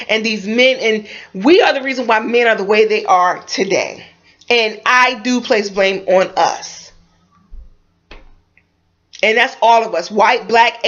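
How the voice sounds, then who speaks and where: A young woman vlogger giving a heated, preachy opinion monologue, blunt, with cursing and many rhetorical questions. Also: fairly high pitch. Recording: slightly dull lo-fi sound.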